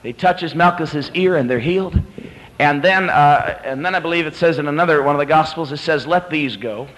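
A male preacher delivers a sermon with a slightly high voice. He tells the story dramatically, dropping to hushed, slow phrases and then surging upward at the climaxes. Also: low-quality recording.

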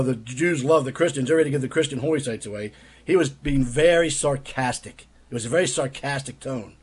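A man's voice: medium pitch, slightly rough. A man giving argumentative commentary in an emphatic tone, quoting another speaker and answering with rhetorical questions. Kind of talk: critical commentary on quotes read aloud.

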